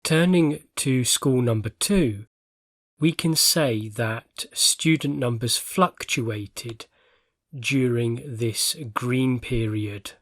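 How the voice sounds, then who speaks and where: A man teaching English vocabulary in a scripted lesson, explaining words clearly and carefully with attention to stress. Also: mid-range voice, drawn-out words, dry recording.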